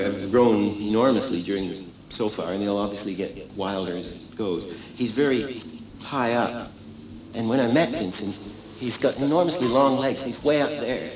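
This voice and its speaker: Older man telling animation studio stories. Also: on the low side. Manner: animated storytelling, acts out quotes, many restarts. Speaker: animator and director. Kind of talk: documentary interview reminiscence. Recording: echoey room, distant mic, crowd noise.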